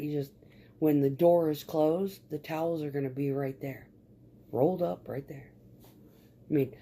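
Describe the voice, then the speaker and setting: A woman's voice: extremely low pitch, warm tone. A woman chatting casually in a vlog about remodeling her home, rambling and swearing freely. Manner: rambling and profane.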